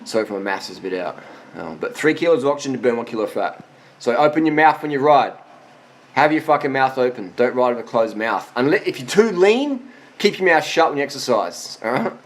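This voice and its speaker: A man in his forties speaks in a casual question-and-answer monologue, blunt and full of swearing. He is tired after a long ride, and his pitch sits in an ordinary middle range. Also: lively intonation, brisk. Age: 40s. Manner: blunt, profane and emphatic. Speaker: vlogger answering viewer questions.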